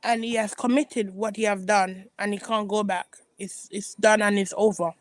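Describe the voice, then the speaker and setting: A woman vlogger delivers casual opinion commentary, hammering her points with repetition and quick restarts. Her pitch sits in an ordinary middle range. The sound is dry and close. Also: steady tone, no room sound. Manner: emphatic and repetitive, with frequent restarts.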